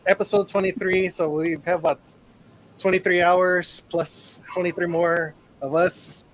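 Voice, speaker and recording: A man's voice: high voice, level tone, a little slow, a bit bright, a little hiss or hum. A middle-aged man hosting a live music talk show, casually reading viewer comments aloud. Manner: easygoing, reads comments aloud. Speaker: show host.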